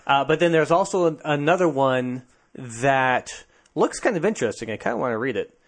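Man, podcast host, casual chat, easily amused, mid-pitched. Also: lively intonation, moderate pace.

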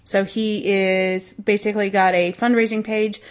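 A woman's voice: mid-range voice, little pitch movement, measured pace, muffled recording. A woman co-hosting a podcast in casual chat, matter-of-fact with frequent ums. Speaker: podcast co-host.

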